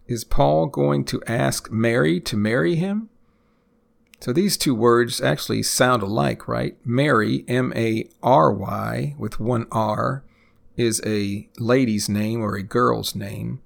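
A man teaching English expressions, speaking deliberately, spelling out words and repeating each example phrase. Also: medium pitch, vocal fry. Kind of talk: slow, deliberate language lesson.

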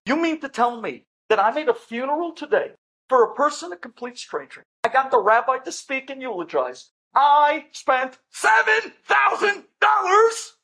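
A man's voice: sits high, lively intonation, moderate pace, a bit bright, slightly rough, heavily acted. A man voicing a frantic middle-aged son who fires off incredulous questions.

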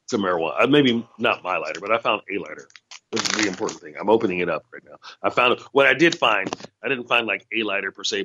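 A man's voice: lowish voice, fairly bright tone, highs cut off. A man hosting a casual solo podcast, rambling and sarcastic, often breaking into laughter at his own jokes. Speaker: podcast host.

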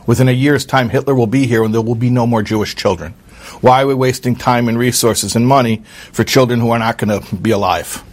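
A man's voice: mid-range voice, steady tone, fairly quick, close to an everyday voice. A man voicing a cruel hospital nurse who speaks with cold contempt.

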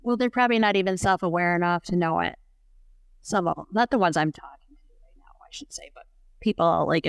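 A middle-aged woman with a smooth, resonant voice talks openly on a podcast. She sounds candid and reflective, and she tells her story plainly. The recording is close and dry. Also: on the low side, no echo. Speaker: podcast guest. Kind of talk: candid conversational chat.

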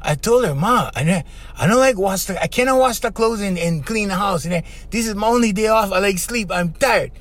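A man's voice: sits high, animated, normal speed, fairly bright tone, voice pushed up. A man voicing a worn-out, tearful young woman client who speaks in Hawaiian pidgin-style phrasing. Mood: upset.

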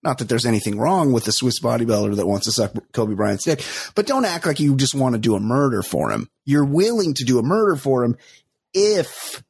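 Husky-voiced man riffing crudely. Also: medium pitch, very animated, brisk, darkish tone, no room sound. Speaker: comedy podcast host. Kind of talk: casual comedic chat.

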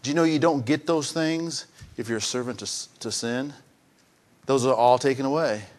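An older man preaching a sermon, who moves between raised, emphatic passages and soft, hushed, confiding ones, often repeating and restarting his phrases. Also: medium pitch, normal speed. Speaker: pastor.

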